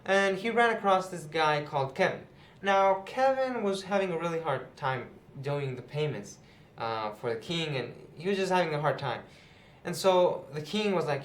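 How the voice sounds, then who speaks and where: A young man who hosts a channel and teaches youth Bible lessons sits indoors, casually retelling a parable to camera at normal speed. His voice sits on the high side and is expressive, and he chats along with lots of fillers like "you know" and "right." Echo from the room is audible.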